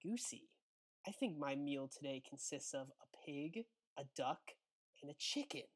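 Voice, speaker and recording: A man doing a sinister hushed fox bully girl. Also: lively intonation, unhurried. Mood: menacing. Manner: sadistically low and quiet. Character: menacing teenage female fox bully.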